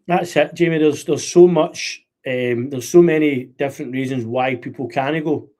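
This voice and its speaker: A Scottish man hosting a podcast, telling animated football stories in casual chat, full of fillers and restarts. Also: medium pitch, moderate pace. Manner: animated storyteller with many fillers. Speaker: podcast host.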